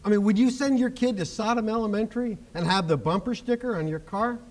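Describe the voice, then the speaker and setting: A man preaching a sermon to his congregation, animated, joking and acting out the people in the story. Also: sits high, fast. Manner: animated preaching with jokes and acted-out quotes. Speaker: pastor.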